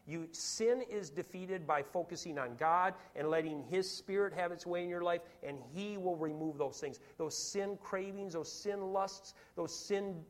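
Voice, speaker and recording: A man preaching a sermon to a congregation in a church, emphatic and repeating his phrases, often asking his listeners questions. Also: a little high.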